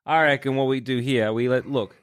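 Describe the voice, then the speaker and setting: A man's voice: medium pitch, steady tone, a little fast, clean tone. A man co-hosting a casual chat, spinning rambling playful bits.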